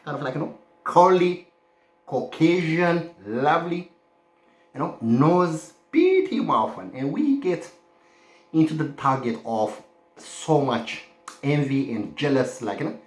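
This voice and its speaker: A man's voice: a little high, lively intonation, a little slow. A man from the Horn of Africa talking in a loose, rambling monologue, forever adding "my friend" and "okay?". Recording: roomy echo.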